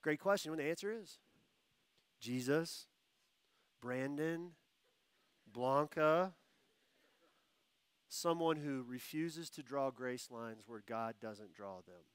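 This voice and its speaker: A male pastor preaching a sermon, telling stories with animated quoted voices and repeating key phrases for emphasis. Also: mid-range voice, takes it slowly, pauses often, clean tone, dry recording. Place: church.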